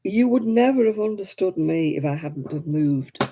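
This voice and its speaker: A woman's voice: fairly low pitch, animated, normal speed, mellow, a little hiss or hum. A woman from Oldham in England with a Lancashire accent, chatting casually while crafting on a live stream and answering viewer comments. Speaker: crochet vlogger.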